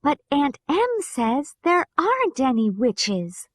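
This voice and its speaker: A curious, polite young girl from a storybook, voiced by a woman with an American accent. Her voice sits higher and sounds eager and wondering. It is slow and dry. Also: big pitch swings, no echo, exaggerated voice.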